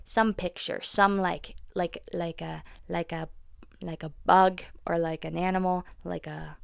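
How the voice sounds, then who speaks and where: A young-sounding woman talks straight to the camera in a quick, rambling, frank way. Her mid-range voice has a gravelly fry under a smooth, clean tone. The sound is dry and close, with no room echo. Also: on the low side, little pitch movement. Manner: fast, rambling, frank, with laughs and swearing. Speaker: autism content creator. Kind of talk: candid talk to camera.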